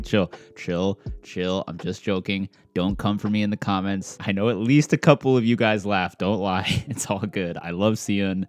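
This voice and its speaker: Swearing, animated male drama reviewer. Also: lowish voice, moderate pace, few pauses. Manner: animated, sarcastic, swears often, laughs at own jokes. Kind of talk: casual recap commentary.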